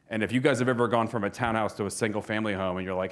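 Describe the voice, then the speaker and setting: A man's voice: on the low side, fairly even intonation, fast talker. Chatty man presenting a seminar. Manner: chatty storyteller, frequent fillers and restarts. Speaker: real estate seminar presenter. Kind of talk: casual seminar talk. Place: seminar room with audience.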